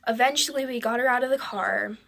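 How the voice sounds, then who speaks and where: A woman's voice: a little high, a little fast, gravelly, pushed and bright. A woman narrating a dramatic personal story for a storytime vlog, rambling and breathless with many "I'm like" asides. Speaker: vlogger.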